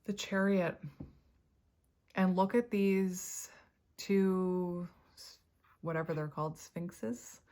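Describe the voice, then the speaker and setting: A woman's voice: fairly low pitch, level tone, takes it slowly, long pauses, darkish tone. A woman giving a casual tarot reading to camera, chatty and thinking aloud as she goes, often breaking into laughter. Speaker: tarot reader.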